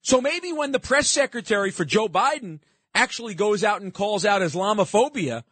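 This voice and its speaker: Animated sarcastic talk radio host man. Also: sits high, normal speed, no echo. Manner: sarcastic, emphatic, takes calls. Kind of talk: political talk radio monologue.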